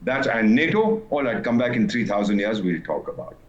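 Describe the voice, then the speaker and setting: Older ex-ambassador guest, scoffing and lively, muffled lo-fi remote audio. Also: male voice, fairly low pitch, a little fast. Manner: animated, scornful, mocking impressions. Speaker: former ambassador, panel guest. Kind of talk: news panel commentary over remote link. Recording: dull lo-fi remote link.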